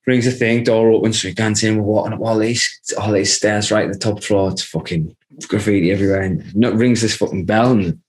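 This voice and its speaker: A man's voice: lowish voice, steady tone, brisk. A man telling a long, rambling story in casual chat, swearing constantly and laughing as he goes. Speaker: podcast guest.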